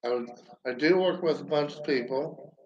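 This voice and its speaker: A man giving a rambling stand-up comedy monologue, halting and profane, with lots of fillers and restarts. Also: on the high side, dull audio. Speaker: amateur comedian.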